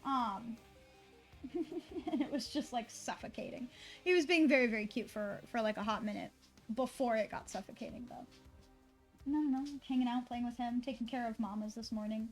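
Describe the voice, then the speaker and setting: A woman's voice: on the high side, normal speed, faint music behind. A woman streamer chatting casually and rambling, swearing freely and talking to her dog between thoughts.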